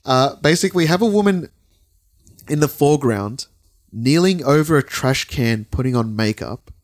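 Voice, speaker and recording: A man's voice: mid-range voice, lively intonation, moderate pace. A man co-hosting a casual podcast, rambling as he describes a video and swearing freely. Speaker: podcast co-host.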